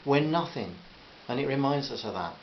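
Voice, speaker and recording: A man reading a storybook and voicing a gentle, thoughtful young woman with a Liverpool accent. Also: medium pitch, expressive, normal speed, voice pushed up, natural voice. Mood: earnest. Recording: slightly dull with faint hiss.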